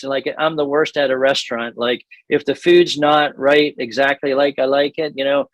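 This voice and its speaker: A man's voice: mid-range voice, fairly even intonation, moderate pace, hardly any pauses, no echo, poor audio. A middle-aged man leading a church seminar, talking conversationally with frequent restarts and small laughs.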